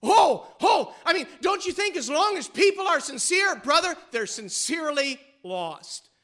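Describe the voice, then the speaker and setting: Man, pastor, fervent sermon, very high voice, rhetorical questions. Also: sing-song, unhurried, bright, forceful tone.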